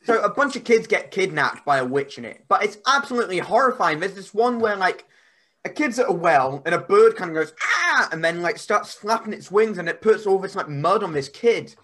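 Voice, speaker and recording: A man, a podcast guest, telling stories in a rambling, animated way. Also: sits high, brisk. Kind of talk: casual podcast chat.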